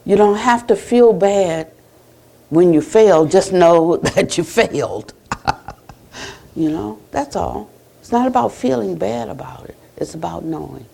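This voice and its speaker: An American woman Buddhist teacher giving a conversational dharma talk at a retreat center, retelling conversations and closing with a soft blessing. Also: lowish voice, expressive, a little slow, creaky.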